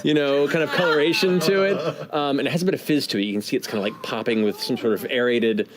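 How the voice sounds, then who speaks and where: A man narrating a tabletop game as game master, animated, adding sound effects and laughing as he goes. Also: medium pitch, quick pace.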